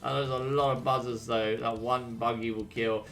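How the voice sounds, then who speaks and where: A man's voice: mid-range voice, flat delivery, moderate pace, creaky, fairly bright tone, soft background music. A young English man streaming and casting a strategy game replay, chatty and full of slangy banter with his chat. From England. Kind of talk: casual replay commentary.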